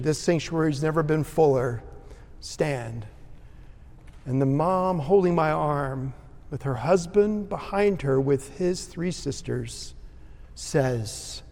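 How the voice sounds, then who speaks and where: Slow, higher-voiced preacher in a reverberant sanctuary. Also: male voice. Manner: swings from ringing emphasis to hushed tenderness. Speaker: pastor. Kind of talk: sermon. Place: church sanctuary. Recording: long reverb of a large sanctuary.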